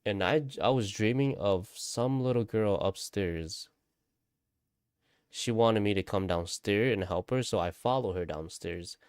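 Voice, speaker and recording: A man's voice: fairly low pitch, a little slow, a little mellow, smooth, no echo, studio quality. A man casually telling a spooky story, rambling, repeating himself and swearing often. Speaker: vlogger.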